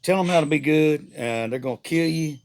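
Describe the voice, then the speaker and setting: Man voicing God, irritable old male figure, blunt, gruff, dismissive. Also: fairly high pitch, a little fast, darkish tone, slight background noise, pitched above the performer's own voice, close to an everyday voice. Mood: commanding.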